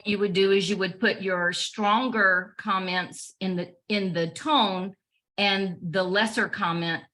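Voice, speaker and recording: A woman's voice: medium pitch, fairly even intonation, a little slow, sharp tone. A woman on a video call asking a question in a training session, thinking aloud with hesitant fillers. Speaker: trainee adjudicator.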